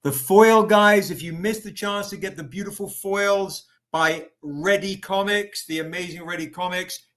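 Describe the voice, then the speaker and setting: A man hosting a live stream, chatting with viewers by name and pitching comic editions in a casual, upbeat way. He sounds tired and says he is recovering. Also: fairly bright tone. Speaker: livestream host selling comics.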